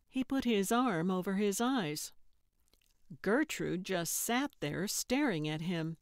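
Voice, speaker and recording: A woman narrating a cozy mystery audiobook in measured, even storytelling on a close studio mic. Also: mid-range voice, no room sound. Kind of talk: scripted narration.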